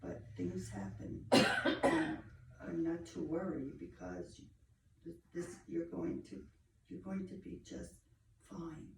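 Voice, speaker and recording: A woman giving a medium reading, feeling her way through each phrase slowly and circling back to repeat herself. Her voice has a gravelly fry to it. She sounds distant from the mic in an echoey room with faint background noise. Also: fairly low pitch, fairly even intonation. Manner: halting, searching, repeats phrases. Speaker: psychic medium.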